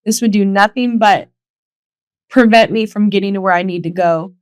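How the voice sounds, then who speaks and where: A woman's voice: mid-range voice, normal speed, clear, resonant tone, dry recording. A young woman hosting a solo podcast, telling personal stories candidly and emotionally, swearing freely and acting out quotes. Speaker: podcast host. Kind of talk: casual solo podcast storytelling.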